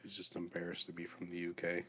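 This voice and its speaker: Gravelly low-voiced man, laid-back. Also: completely flat delivery, quick pace, a bit bright, a little hiss or hum. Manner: laid-back, many fillers. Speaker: podcast co-host. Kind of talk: casual chat.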